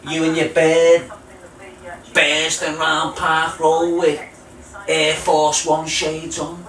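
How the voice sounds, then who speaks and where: A man's voice: fairly high pitch, completely flat delivery, takes it slowly, a bit bright. A man with a Liverpool accent hosting a casual livestream, reading out viewer names and mocking them with taunting street banter. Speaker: livestream host reading chat. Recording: echoey room, far from mic.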